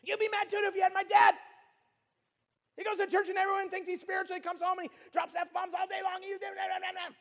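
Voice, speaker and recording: A man doing a furious teenage girl, shrill and shouting with bitter anger. Her voice rises far above his own and rings through a large hall with long reverb. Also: level tone, fast talker.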